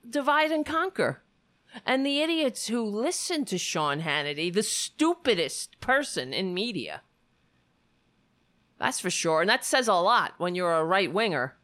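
A woman's voice: a little high, a bit bright. A woman hosting a heated political commentary show, talking in an indignant, sarcastic way and swearing freely.

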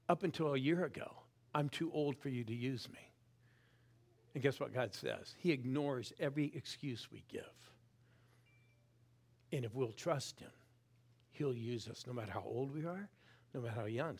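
Middle-aged guy preaching, gets loud then drops to near whisper, keeps egging the crowd on. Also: medium pitch, husky. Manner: animated, swings from loud calls to quiet intense asides; urges the crowd to respond. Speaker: guest preacher. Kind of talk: sermon.

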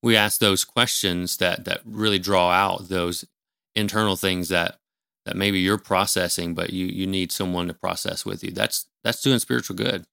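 A man in a small studio room, giving a measured, explanatory talk on scripture in casual conversation, with fillers and restarts. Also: low voice, fairly even intonation, vocal fry, sharp tone, smooth, no room sound. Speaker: ministry leader and guest.

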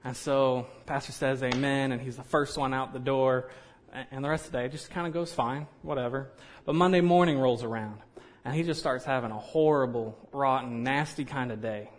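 A man's voice: mid-range voice, steady tone, normal speed. A man preaching a sermon in a conversational way, with joking asides and frequent "you know".

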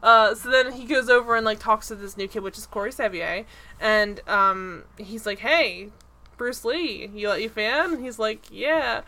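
Bright-voiced chatty woman recapping a show. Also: on the high side, normal speed. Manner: rambling, lots of "like", laughs while acting out scenes. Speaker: podcast co-host recapping a TV episode. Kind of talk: casual chat.

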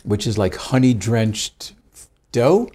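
An American man with a voice on the lower side talks as a guest in a relaxed interview. He is a rabbi who tells anecdotes with dry, self-deprecating humor and lively emphasis. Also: slow pace. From United States. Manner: wry, self-deprecating humor, animated storytelling. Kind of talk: casual conversational interview.

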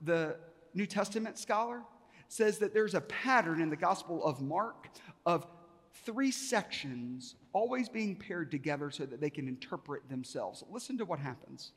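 A male pastor with a high, ringing voice gives a sermon, pushing his pitch and volume up as he acts out the back-and-forth of a story. His words carry a long reverb, as in a large church sanctuary. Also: lively intonation, moderate pace, a bit bright, husky.

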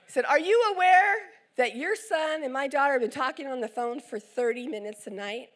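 A woman's voice: high voice, fairly quick. A middle-aged woman preacher, telling a story in a sermon and acting out the voices of the people in it.

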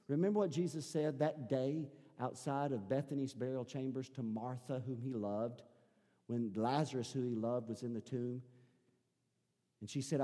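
A male pastor preaching a sermon, repeating his phrases and building up to shouting. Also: medium pitch, big-room sound. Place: church sanctuary.

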